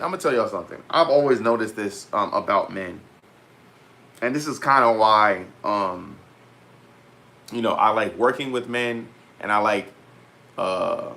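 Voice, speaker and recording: A young man vlogging in a casual, animated rant to his viewers, full of slang and repeated asides. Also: lowish voice. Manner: animated, heavy slang, repeats "bro" and "petty". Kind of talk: casual storytelling rant to camera.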